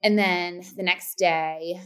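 Lowish-voiced woman in her 30s, podcast cohost, chatting away and acting out quotes. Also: steady tone, slow, a bit bright, smooth. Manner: chatty storyteller, acts out quotes with pitch jumps. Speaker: podcast co-host. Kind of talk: casual chat.

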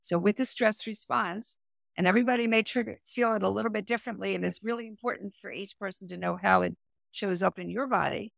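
A middle-aged woman, a performance coach and therapist, explaining her method in a podcast interview, with lively, hands-on explanations. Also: medium pitch, fast talker, vocal fry, dry recording, clean studio sound. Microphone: remote audio, no camera.

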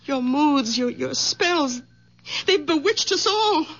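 An actress playing a worried, firm adult daughter in a 1970s radio drama. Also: female voice, high voice, animated, slow pace, a bit bright, full character voice. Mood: stern. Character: adult daughter, anxious and stern. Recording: dull lo-fi 1970s radio recording.

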